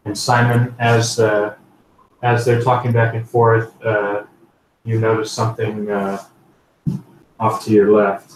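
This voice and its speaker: A man's voice: lowish voice, completely flat delivery, takes it slowly, pauses often. A man narrating as game master of a tabletop game, rambling with many fillers. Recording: roomy, distant mic, faint noise.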